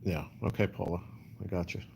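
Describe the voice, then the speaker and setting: A man talks loosely to his livestream chat, answering comments one by one. His voice is low and dark, with little rise and fall. A faint background hum sits under the talk. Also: steady tone, a little fast, gravelly. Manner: rambling, repeats "you know", answers chat comments. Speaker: livestream host.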